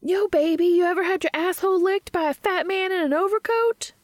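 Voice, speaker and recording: A woman voicing a crude, loudmouthed young man from a movie, with a high, brash delivery. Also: a little fast, no echo, studio quality. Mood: taunting.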